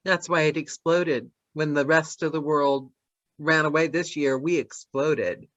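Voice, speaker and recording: A woman's voice: low voice, steady tone, a bit bright, dry recording. Brief: woman interview host, enthusiastic, lo-fi video call audio. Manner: eager, agreeable, quick affirmations. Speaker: podcast host. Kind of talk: casual interview chat.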